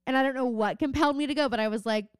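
A young woman co-hosts a podcast in loose, casual chat, filling her sentences with "like" as she rambles through a story. Her voice is smooth and clear. The sound is dry and close, with no room around it. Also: high voice, very fast, no echo. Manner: chatty, heavy on "like" fillers, laughs often. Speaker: podcast co-host.

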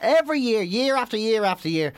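A woman's voice: a little high, very animated, a little fast, dry recording. Swearing Irish woman ranting on a podcast. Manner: swears freely, ranting comic storytelling. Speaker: podcast co-host. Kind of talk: casual podcast chat.

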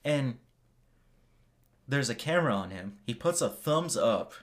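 An American man co-hosting a casual podcast, telling stories with halting restarts. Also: mid-range voice, expressive. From United States. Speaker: podcast co-host. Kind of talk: casual chat.

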